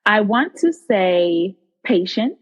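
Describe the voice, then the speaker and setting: A woman guest on a podcast, chatting casually and animatedly about her path. She speaks at a middle pitch with a lively storyteller's manner, often slipping into quoted voices. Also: slow pace, highs cut off. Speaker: podcast guest, nurse and cook. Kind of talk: casual interview talk.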